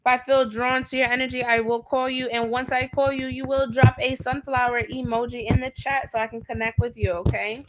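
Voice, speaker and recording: A woman's voice: a little high, level tone, fairly quick, hardly any pauses. A woman hosting a livestream tarot reading, talking bluntly in slangy, casual speech and repeating phrases for emphasis.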